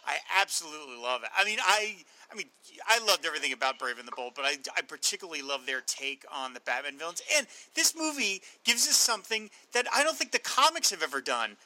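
A man's voice: on the high side, very animated, fast, pushed and bright. A man co-hosting a podcast in casual panel chat, gushing with enthusiasm. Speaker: podcast co-host.

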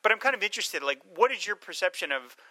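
A man co-hosting a casual film talk, rambling and animated, acting out scenes in quick voices. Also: high-pitched, no echo. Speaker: podcast co-host.

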